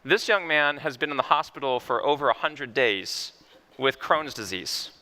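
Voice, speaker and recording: A man, a physician, giving a conference talk and telling patient stories in an animated way. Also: medium pitch, normal speed. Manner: animated, vivid storytelling. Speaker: physician speaker. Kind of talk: conference keynote storytelling.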